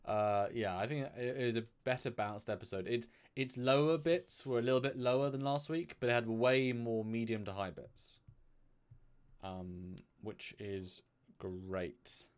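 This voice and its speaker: Speaking at a moderate pace in a clear, resonant, medium-pitched voice, this man co-hosts a live review stream. His talk is chatty and loose, packed with fillers and restarts, and he occasionally begs viewers to donate.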